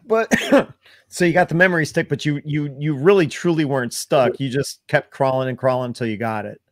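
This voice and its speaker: A man's voice: medium pitch, a little fast, no echo, studio quality. A man co-hosting a casual livestream over a video call, breaking in to ask questions and recap a story. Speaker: livestream co-host.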